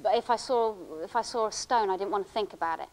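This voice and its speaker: A woman speaks at a conference. She tells a personal account in a halting, emotional way, restarting her sentences often. Her voice sits at an ordinary middle pitch. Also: a little mellow, rough recording. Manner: halting, emotional storytelling with many restarts and fillers. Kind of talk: first-person account given as a conference talk. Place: conference hall.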